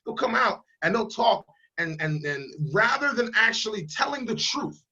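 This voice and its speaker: A man's voice: high voice, sing-song, moderate pace, pushed and bright, husky, muffled recording. A man running for Congress who speaks emphatically and bluntly in a casual interview over a video call. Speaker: congressional candidate.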